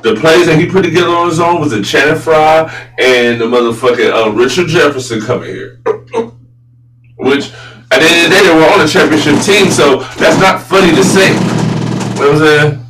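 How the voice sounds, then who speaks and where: A man hosting a casual sports talk show, blunt and profane, often turning loud and incredulous. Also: on the high side, moderate pace. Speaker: sports podcast host. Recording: roomy echo, voice a bit far from mic, faint hum.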